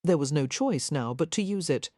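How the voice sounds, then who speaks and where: Woman reading an audiobook, low mellow voice, measured, dry close mic. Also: expressive, dry recording. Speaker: audiobook narrator. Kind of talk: scripted audiobook narration.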